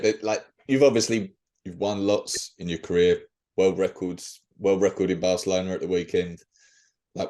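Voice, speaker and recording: An easygoing man hosts a podcast interview, asking casual questions. His voice sits a little low. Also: mellow. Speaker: podcast host.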